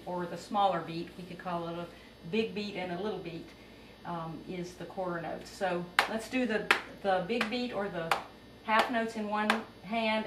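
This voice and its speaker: Patient woman teaching music rhythm. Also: lowish voice. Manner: patient, step-by-step explaining. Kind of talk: music theory lesson. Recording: roomy, distant, noisy home recording.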